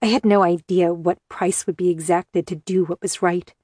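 A woman narrating a first-person novel in a measured, earnest way. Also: fairly low pitch, fairly even intonation, a little mellow, no echo, studio quality. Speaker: audiobook narrator.

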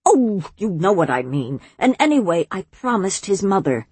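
A woman's voice: mid-range voice, very animated, normal speed, darkish tone, husky, dry recording. A woman voicing a bossy old witch who scolds and bellows at others in a storybook reading. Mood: exasperated.

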